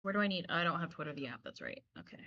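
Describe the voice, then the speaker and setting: A woman's voice: on the low side, sing-song, racing, muffled recording. An American woman chatting on a stream, teasing and asking curious questions. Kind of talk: casual chat.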